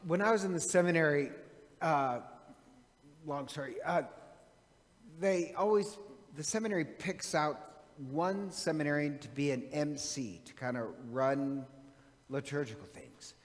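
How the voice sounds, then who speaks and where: A man's voice: a little high, measured pace. A man, a priest, casually telling an anecdote from his seminary days, rambling with many fillers and restarts. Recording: long hall reverb.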